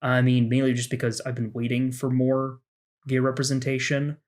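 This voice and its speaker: A man's voice: medium pitch, monotone, normal speed, a little mellow. Earnest, rambling podcast host man. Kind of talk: casual chat.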